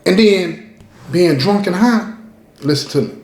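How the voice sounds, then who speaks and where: Man, storyteller, emphatic, talks directly to listeners, slightly high voice, echoey room. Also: expressive, moderate pace, a little mellow. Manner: emphatic, repeats points and addresses listeners directly. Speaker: host, storyteller. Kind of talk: casual storytelling.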